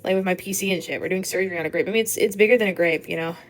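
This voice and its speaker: A woman's voice: lowish voice, racing, soft background music. A young woman rambling casually while she draws, with lots of fillers and free swearing. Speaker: digital artist. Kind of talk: rambling voice-over while drawing.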